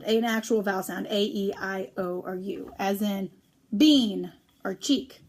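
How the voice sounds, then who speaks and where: Slightly high woman teaching phonics. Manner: clear, deliberate, drawing out example words. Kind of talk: phonics lesson.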